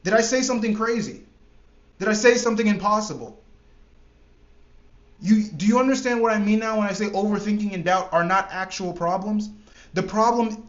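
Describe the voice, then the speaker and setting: A man giving an emphatic motivational talk as a trading coach, repeating points and swearing casually. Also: high voice. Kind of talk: motivational monologue. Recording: echoey room, slightly dull sound.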